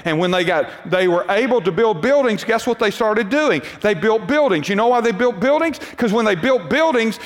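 A man's voice: high voice, in a large hall. A man pastor preaching a sermon to his congregation, conversational, with rhetorical questions and repeated points.

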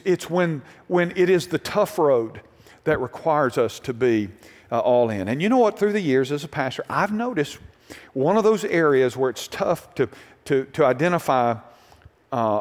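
A man's voice: medium pitch, expressive, normal speed, a little mellow, big-room sound. A middle-aged man, a pastor, preaching a conversational sermon and putting questions to the congregation.

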